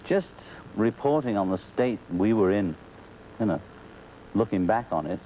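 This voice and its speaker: A man from England with a Liverpool accent, a talk show guest chatting in a relaxed, wry way and laughing often. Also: lowish voice, a little slow, a little hiss or hum, low-quality recording. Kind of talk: casual talk show chat. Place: television studio.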